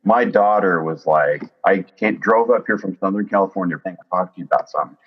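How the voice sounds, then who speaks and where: A man in his fifties telling his own story in an interview, earnest and lively, often quoting what others said. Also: deep voice, quick pace, lo-fi sound. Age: 50s. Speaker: interview guest. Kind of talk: candid personal storytelling.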